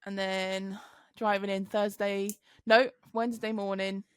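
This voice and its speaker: Sweary, animated woman telling stories. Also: a little slow, smooth, no room sound, clean studio sound. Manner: sweary, animated, mimics others in high voices. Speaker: podcast co-host, truck driver. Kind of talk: casual chat, storytelling.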